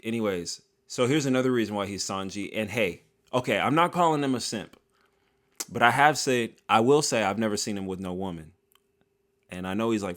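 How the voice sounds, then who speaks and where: A man giving a casual, joking commentary monologue, full of slang and drawn-out asides, as a video creator. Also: fairly low pitch.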